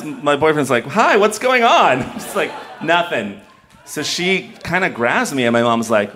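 A man's voice: medium pitch, a bit bright, slight background noise. A young man telling a personal story live to an audience, candid and self-mocking, often laughing as he talks.

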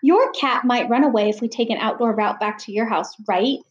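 A woman's voice: a little high, a little fast, dull audio, close to an everyday voice. A woman voicing a stern, exasperated mother who scolds sharply, in a roomy echo. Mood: brisk.

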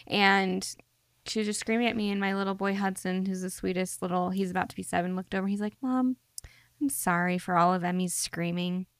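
A woman's voice: mid-range voice, vocal fry, no echo, studio quality. A woman, a mother of a daughter and young son, sharing candid and wry stories on a podcast. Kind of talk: casual chat.

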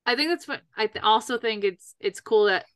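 A woman chatting eagerly with her friends on a podcast, quick to agree and jump in. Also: fairly high pitch, a bit bright, no room sound, clean studio sound. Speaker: podcast co-host. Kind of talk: casual chat.

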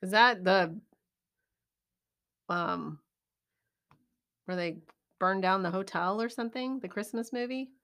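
A woman's voice: mid-range voice, slow, long pauses, a bit bright. A woman co-hosting a podcast, guessing at movie quotes casually and thinking aloud with hesitant ums. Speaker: podcast co-host. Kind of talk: casual movie-trivia chat.

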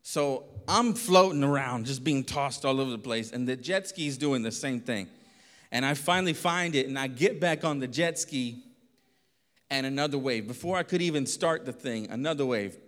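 Animated man preaching in a reverberant hall. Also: medium pitch, moderate pace. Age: adult. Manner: animated, acts out voices, laughs often. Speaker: pastor. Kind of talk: storytelling sermon.

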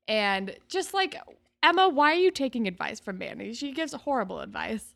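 A woman's voice: a little high, sing-song, a little fast, vocal fry, a bit bright. A woman co-hosting a podcast, chatting casually through a TV episode recap and acting out the characters' lines with big jumps in her voice. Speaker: podcast co-host.

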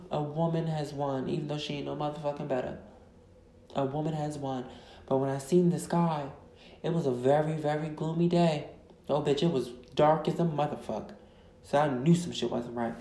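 A podcast host rants in an echoey room, loud and emphatic, cursing heavily and drawing out words for emphasis. Her low voice has a dark, mellow tone.

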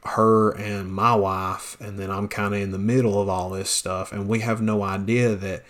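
A man's voice: on the low side, little pitch movement, normal speed. A man telling a personal story on his podcast, blunt and plainspoken, with many fillers and restarts. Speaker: podcast host, pastor.

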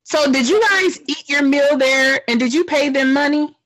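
A woman's voice: high voice, moderate pace, fairly bright tone, rough recording. A woman co-hosting a podcast, reacting with sassy, mock-outraged commentary in casual chat. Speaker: podcast co-host.

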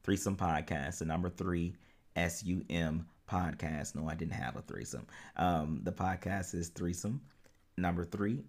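A man's voice: low-pitched, a little mellow. A man hosting a solo podcast as a life coach, talking in an earnest, encouraging way and laughing easily.

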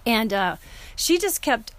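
Woman, middle-aged, earnest and emotional, fairly high voice, casual storytelling. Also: very animated, takes it slowly. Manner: earnest, emotional, with frequent restarts.

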